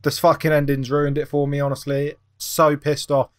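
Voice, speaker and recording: A man's voice: a little high, monotone, normal speed, dry recording. Swearing man venting at a game. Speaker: gaming YouTuber. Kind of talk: let's play commentary.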